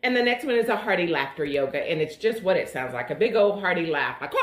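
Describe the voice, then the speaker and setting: A woman explaining laughter yoga exercises in a plain, unhurried, casual way, as an instructor. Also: lowish voice, expressive. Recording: echoey room.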